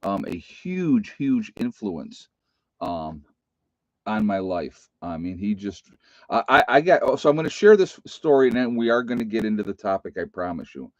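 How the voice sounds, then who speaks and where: A man's voice: fairly low pitch, sing-song, moderate pace, no room sound, dull audio. A middle-aged man telling a personal story to his viewers in a loose, rambling way, often restarting his sentences. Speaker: vlogger. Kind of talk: casual storytelling to camera.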